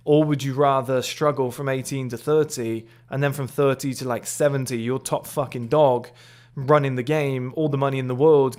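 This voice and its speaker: Man, late twenties, motivational monologue, blunt, swears a lot, boastful, mid-pitched. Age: 20s. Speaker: men's lifestyle creator.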